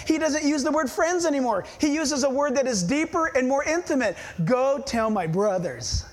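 Emphatic preacher man with a very high voice. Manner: emphatic, rhetorical questions, dramatic pauses and hushed asides. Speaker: pastor. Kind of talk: sermon.

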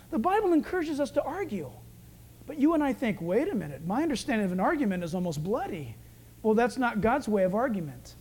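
Animated preaching man. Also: very high-pitched. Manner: animated preaching, acts out quoted voices. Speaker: pastor. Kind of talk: sermon.

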